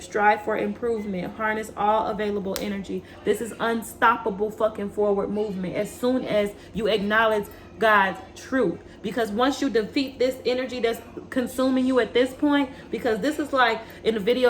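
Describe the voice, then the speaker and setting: A woman's voice: medium pitch, a little hiss or hum. A woman gives a spiritual tarot reading, fiery and preachy, swearing freely. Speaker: tarot reader.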